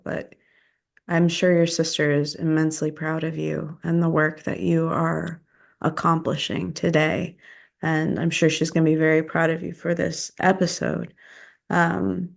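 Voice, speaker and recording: A woman with a fairly low voice hosts an interview podcast. She puts her questions carefully, in a gentle and reassuring manner. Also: vocal fry. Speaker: podcast host.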